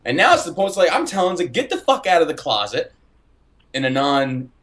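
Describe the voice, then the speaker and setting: A man's voice: a little high, big pitch swings, fairly quick, background noise. A man hosting a call-in show, blunt and profane, laughing often. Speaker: radio show host. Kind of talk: casual call-in show talk.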